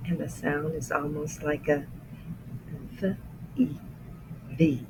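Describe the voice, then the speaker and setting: A man teaching the letters of the alphabet as an English lesson, saying each letter slowly and explaining how the mouth shapes it. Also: a little high, monotone, gravelly, background noise. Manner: careful, deliberate letter-by-letter demonstration. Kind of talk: slow pronunciation lesson.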